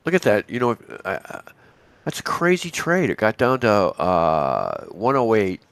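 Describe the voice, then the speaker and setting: A man, hoarse and raspy from a cold, co-hosting a live futures trading stream in a chatty, rambling way with many restarts. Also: fairly low pitch, very animated, unhurried, fairly bright tone, dry recording. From Canada. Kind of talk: casual live market commentary.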